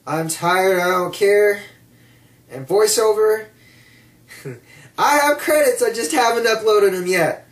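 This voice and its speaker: A man's voice: high-pitched, slow, pauses often, far from the mic. A man in a blunt, sarcastic casual rant as a wrestling vlogger. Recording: echoey room, off mic.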